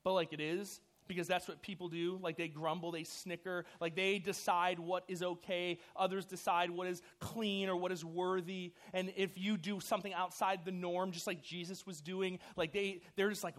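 A man preaching a casual, animated sermon to a youth group, full of "like" and "you know". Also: high voice, a little fast. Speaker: youth pastor.

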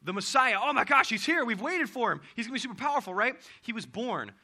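Panicky teenage shepherd boys blurt and exclaim, loud, goofy and a little lost, as a man puts them on. The voice sits high and sounds very bright and sharp. Their talk tumbles out in a rush of excitement. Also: fairly quick. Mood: excited.

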